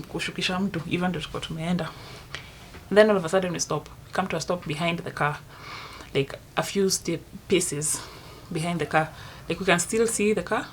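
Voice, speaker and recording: A woman's voice: fairly low pitch, slight background noise. Dramatic young Kenyan woman telling a story. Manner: dramatic storytelling, swinging between loud outbursts and hushed asides. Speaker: vlogger. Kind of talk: casual storytime monologue.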